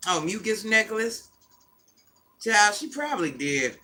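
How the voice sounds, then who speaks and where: Older woman, livestream host, sassy, scolding, bright forceful voice. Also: medium pitch, very animated, unhurried. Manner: sassy, scolding, blunt talk-back. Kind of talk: casual livestream chat, answering viewer comments.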